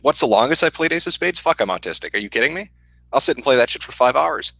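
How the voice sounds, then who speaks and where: A man with a Midwestern accent, hosting a casual livestream and answering chat questions in a profane, deadpan, sardonic way. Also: medium pitch, fast, vocal fry, no echo, rough recording. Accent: Midwestern American.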